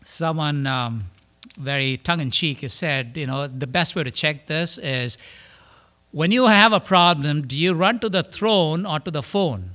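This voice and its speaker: A man preaching a sermon, repeating key words, asking his listeners questions and rising to loud, emphatic declarations before dropping low again. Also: lively intonation, unhurried.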